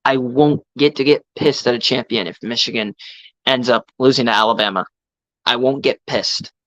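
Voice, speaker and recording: A man's voice: mid-range voice, fairly quick, fairly bright tone. A man on a casual live stream, ranting about college football, swearing heatedly and greeting chat viewers. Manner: profane, heated sports ranting. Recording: dry, slightly dull mic sound.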